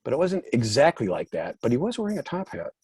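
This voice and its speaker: Man, guest musician, husky voice, dry close sound, rambling anecdotes. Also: medium pitch, wildly swooping pitch, fast talker, darkish tone, no room sound. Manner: rambling, self-deprecating storytelling. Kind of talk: casual interview chat.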